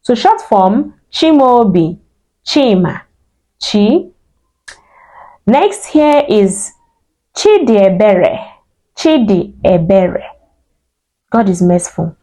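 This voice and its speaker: A woman teaching name meanings, saying each word slowly and repeating it with a light laugh here and there. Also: mid-range voice, sing-song, mellow, low-quality recording. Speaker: language teacher. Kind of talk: slow spoken lesson on name meanings.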